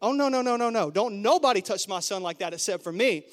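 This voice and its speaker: A man's voice: high voice, lively intonation, fast. Man doing a fierce scolding mom. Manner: loud, scolding, sassy. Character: fierce protective mother, middle-aged woman. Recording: long church hall reverb.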